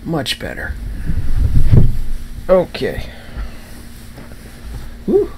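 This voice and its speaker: A Canadian man talks through his live stream setup at home, thinking out loud as he adjusts things. His mid-pitched voice swings up and down a lot. A faint room hiss sits behind him. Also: animated, unhurried, long pauses. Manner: rambling, self-talking while fiddling with setup. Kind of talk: casual live stream chat.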